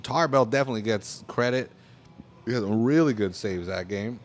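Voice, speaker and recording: A man's voice: fairly low pitch, moderate pace. A young American man in a casual, profane monologue, talking with heavy emphasis. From United States. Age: young adult.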